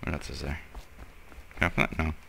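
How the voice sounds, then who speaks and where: A man's voice: very deep voice, little pitch movement, quick pace, gravelly, sharp tone, slight background noise. A young man giving casual, sarcastic commentary while playing a game, muttering and swearing at what he sees. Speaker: gameplay commentator. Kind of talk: casual let's-play commentary.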